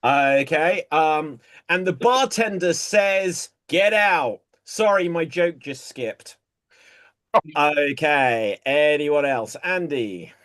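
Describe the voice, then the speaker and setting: A man with a fairly high, slightly bright voice hosts an improv comedy game at an unhurried pace. He calls on players by name and casually tells his own bar jokes.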